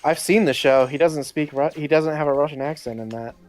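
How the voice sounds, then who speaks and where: A man's voice: fairly high pitch, a little fast, darkish tone, soft background music. A man chatting casually on a gaming stream, ranting with plenty of swearing. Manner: profane, ranting.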